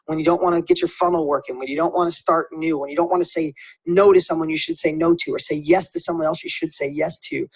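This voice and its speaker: Husky fast-talking man telling a story. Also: fairly high pitch, fairly even intonation. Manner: fast, earnest, repeats and restarts phrases. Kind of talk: emotional motivational storytelling.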